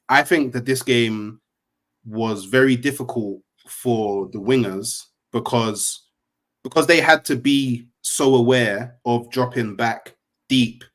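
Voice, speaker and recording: Hesitant man football panelist. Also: mid-range voice. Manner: hesitant, restarts, slangy. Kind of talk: casual football analysis chat.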